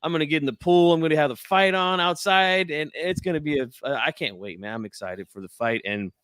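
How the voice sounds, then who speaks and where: A man hosting a live boxing call-in show, chatting in a relaxed, friendly way. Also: on the high side, fairly quick, clean tone, dry recording, studio quality. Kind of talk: casual live-stream chat.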